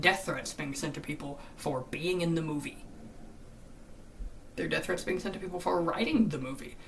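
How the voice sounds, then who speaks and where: A YouTube commentator in an unscripted, exasperated rant, cursing often and repeating phrases, swinging between loud outbursts and muttered asides. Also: mid-range voice. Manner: profane and exasperated, with frequent cursing and repetition. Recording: slightly distant mic with faint background noise.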